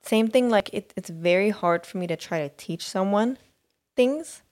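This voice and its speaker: A woman's voice: medium pitch, normal speed, a little mellow. A woman co-hosting a podcast, talking in a rambling, hesitant way and searching for her words. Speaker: podcast co-host. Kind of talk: casual chat.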